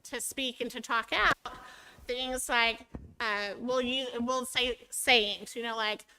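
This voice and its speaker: A woman's voice: fairly high pitch, fairly even intonation, slow pace, pushed and bright, smooth, rough recording. A woman teacher giving a chatty training talk, often acting out her students' voices.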